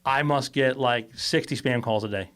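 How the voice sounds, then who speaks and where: A man with a medium-pitched voice speaks at a moderate pace while co-hosting a podcast. He tells a story in casual chat, swearing freely, laughing along, and animatedly acting out the voices of the people he quotes.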